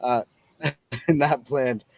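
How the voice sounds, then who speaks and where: A man's voice: medium pitch, steady tone, drawn-out words, gravelly, a little mellow, dry recording. A man hosting a casual live-streamed talk show, chatting loosely and laughing often.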